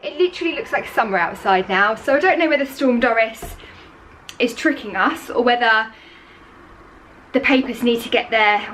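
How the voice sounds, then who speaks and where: Young girl vlogging at home, chatty and rambly, bit high voice, faint hum behind. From England. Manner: chatty, self-deprecating, rambling. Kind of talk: casual vlog chat to camera. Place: at home indoors.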